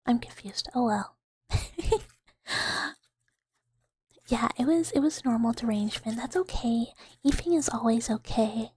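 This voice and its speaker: Breathy, whispering woman on a close mic. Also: fairly high pitch, expressive, measured pace, pauses often, no echo. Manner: giggly, soft-spoken, chatting with viewers. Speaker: ASMR streamer. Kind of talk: whispered ASMR chat.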